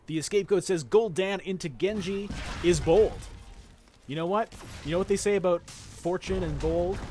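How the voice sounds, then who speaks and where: A man casting an esports match play-by-play, with chatty, joking asides to the viewers. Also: fairly high pitch. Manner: jokey, chatty asides to the chat. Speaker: esports caster. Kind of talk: play-by-play game commentary.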